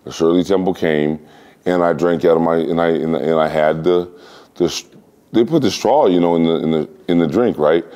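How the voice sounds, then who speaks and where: A man in his forties from the United States, an interview guest telling a casual, animated anecdote and acting out other people's lines. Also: sits low, moderate pace. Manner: animated storyteller who acts out other people's lines in exaggerated voices. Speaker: interview guest, former fighter.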